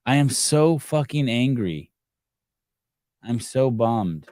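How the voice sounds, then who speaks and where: Speaking slowly with frequent pauses, a middle-aged podcast host delivers a rambling, casual live-show monologue and swears openly when he gets frustrated. His mid-range voice has a sing-song lilt and a darkish tone, recorded studio-clean with no echo.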